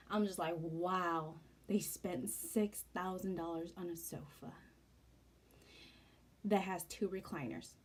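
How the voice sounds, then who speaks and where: A young adult woman vlogger telling a long family story in a chatty, rambling voice-over as she plans. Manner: chatty and rambling, with many fillers and restarts; acts out family members' lines in a much higher, louder voice. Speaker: planner vlogger.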